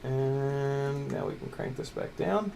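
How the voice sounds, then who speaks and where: A man's voice: mid-range voice, sing-song, slow, vocal fry, background noise. A man streaming a drone build from a workbench, chatting casually and muttering to parts as he works. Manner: mutters and coaxes parts while working, loose and joking. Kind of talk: casual livestream chat while building.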